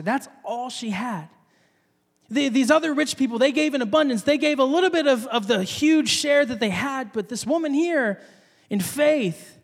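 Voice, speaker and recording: A man's voice: very high voice, in a large hall. A man giving a casual, conversational sermon, often repeating words and acting out the people in his story. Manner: conversational, repeats words, acts out quoted voices. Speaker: preacher.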